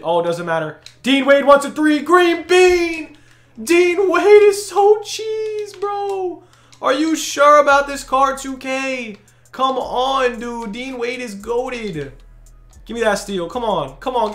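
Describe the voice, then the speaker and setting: A man giving live commentary over his own basketball video game play, slangy and hyped, breaking into shouts of disbelief. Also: sits high. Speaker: gaming YouTuber. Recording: echoey room.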